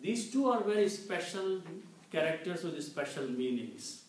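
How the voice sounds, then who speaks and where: Man, classroom teacher, very slow, repeats points, heard from far off in a hard echoey room. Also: sits high, sing-song. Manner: slow, explains with repetition and "okay" checks. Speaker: Quran teacher. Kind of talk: classroom lesson. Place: community center classroom. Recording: very echoey room, distant mic, faint noise.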